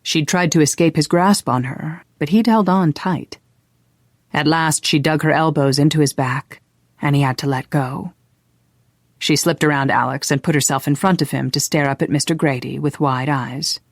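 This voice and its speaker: An audiobook narrator reading a historical romance in an even, unhurried way. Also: medium pitch, no room sound, clean studio sound. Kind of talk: scripted narration.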